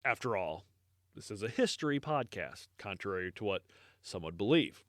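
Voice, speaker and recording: With a lowish, slightly bright voice, big pitch swings and a moderate pace, this US podcast host talks history casually. He rambles with many fillers, swears easily and laughs at his own jokes, in studio-quality audio with no echo.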